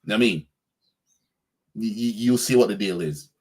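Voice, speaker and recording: A man's voice: on the low side, moderate pace, a little mellow, slightly rough. A man reacting casually on a stream as a football fan, with a slangy, stumbling way of talking.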